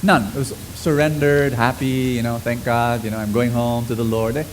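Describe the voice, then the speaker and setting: A middle-aged man preaching a sermon to a congregation, swinging between loud exclamations and soft, low lines. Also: little pitch movement, moderate pace, slight background noise, poor audio.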